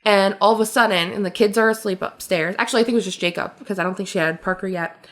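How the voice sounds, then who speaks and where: A woman co-hosting a podcast, telling stories in a casual, animated way with frequent laughter and lots of fillers. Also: mid-range voice, fast. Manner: animated storyteller, laughs often, many fillers. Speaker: podcast co-host. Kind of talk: casual chat.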